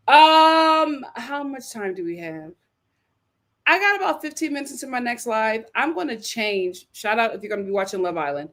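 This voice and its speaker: A woman hosting a casual livestream, giving animated, opinionated reactions and talking straight to her chat. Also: fairly high pitch. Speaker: livestream host. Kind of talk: casual reality-show review livestream.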